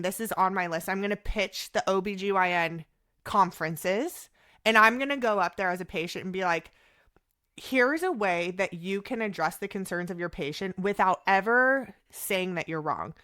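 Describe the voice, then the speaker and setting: A woman's voice: mid-range voice, clean tone. A woman in her thirties, a podcast guest, telling a story in casual chat and acting out the conversations she quotes. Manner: animated, quotes conversations in voices.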